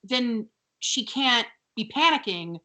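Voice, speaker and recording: A woman co-hosting a podcast in an easy, chatty way, her voice clear and bright. She fills her talk with ums and likes and laughs often. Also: on the high side, animated, takes it slowly. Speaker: podcast co-host. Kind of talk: casual chat.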